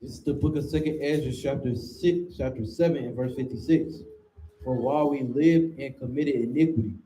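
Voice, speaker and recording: Dark-voiced man reading scripture. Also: mid-range voice, slight background noise, rough recording. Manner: measured, plain reading of old-fashioned verse. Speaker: scripture reader.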